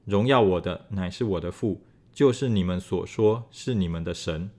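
A man reads scripture aloud at an even, measured pace. His voice sits somewhat low. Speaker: scripture reader.

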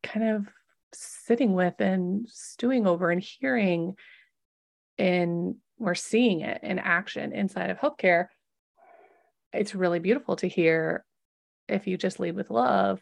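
A woman's voice: mid-range voice, measured pace, vocal fry. A woman podcast host and former labor and delivery nurse, chatting casually with a guest.

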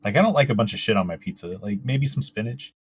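A man with a baritone voice co-hosting a podcast, making dry, joking remarks in casual chat. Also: lively intonation, quick pace, slight background noise. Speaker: podcast co-host.

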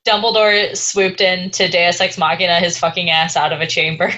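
A woman's voice: fairly low pitch, flat delivery, normal speed, bright, forceful tone, dull audio. A woman co-hosting a podcast, chatting sardonically and swearing freely. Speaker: podcast co-host. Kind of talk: casual book-club chat.

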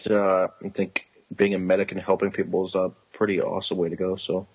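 A young man with a very husky, rough voice chats casually on a podcast. He rambles and swears his way through his stories and slips into the voices of people he quotes. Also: low-pitched, flat delivery, brisk, dull audio. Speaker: podcast co-host. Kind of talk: casual chat.

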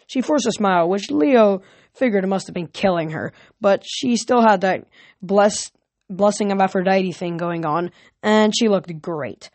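A woman's voice: medium pitch, unhurried, darkish tone, dry recording. Woman casually reading a novel aloud. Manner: casual, frequent self-corrections. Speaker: reader.

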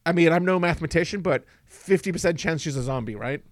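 A man's voice: a little high, fast talker, no echo, clean studio sound. A man co-hosting a comedy podcast in casual chat, laughing often and playing quizmaster. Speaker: podcast co-host.

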